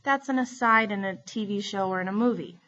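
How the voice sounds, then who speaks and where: A woman teacher giving a recorded lesson, explaining terms in a clear, steady way. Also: medium pitch, brisk, dull audio.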